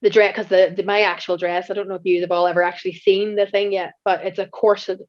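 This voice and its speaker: A woman with a Northern Irish accent hosts a relaxed interview and chats freely. Her voice sits at a middle pitch. The recording sounds dull and lo-fi. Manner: chatty, quick back-channel yeahs. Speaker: podcast host. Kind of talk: casual interview chat.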